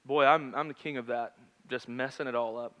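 Bright-voiced man preaching conversationally. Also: mid-range voice, steady tone, brisk, dull audio. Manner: conversational, swings from loud to hushed. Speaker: pastor. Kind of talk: sermon with personal story.

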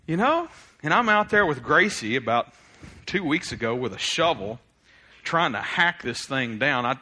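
Bright-voiced pastor preaching. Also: male voice, medium pitch. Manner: animated, swings from loud exclamations to quiet reflection, laughs often. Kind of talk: sermon.

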